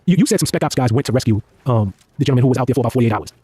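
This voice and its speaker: A man's voice: medium pitch, animated, racing, mellow, slightly rough, no echo. A man interviewing a guest on a casual podcast, asking questions with many fillers and restarts. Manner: hesitant, filler-heavy questioning.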